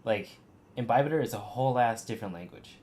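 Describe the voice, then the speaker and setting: A man streaming a game and commenting, ranting and swearing in an animated way. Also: mid-range voice, fast talker, a little hiss or hum. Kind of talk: let's play commentary.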